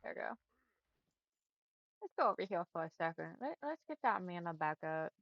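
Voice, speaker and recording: Streaming a game, this young woman from Texas talks casually to her viewers, peppering her speech with "y'all" and "like." She has a lowish voice with big pitch swings at normal speed, recorded dry with lo-fi sound.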